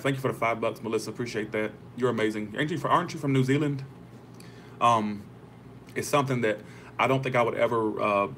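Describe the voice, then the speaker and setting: Rambling casual man, low voice. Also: fairly bright tone, slight background noise. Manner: rambling, restarts often, swears casually. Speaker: tarot livestream host. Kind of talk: casual livestream chat.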